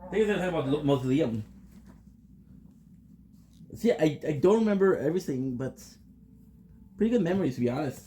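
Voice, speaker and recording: A man's voice: on the high side, lively intonation, brisk, long pauses, dark tone, reverberant, slight background noise. A man giving casual commentary while playing a game, muttering and reading game text aloud. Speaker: gaming streamer.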